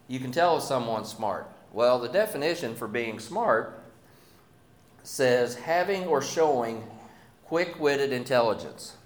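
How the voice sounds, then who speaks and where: A man's voice: medium pitch, echoey room. A man preaching a sermon, reading scripture and then talking in a folksy, self-deprecating way with many restarts.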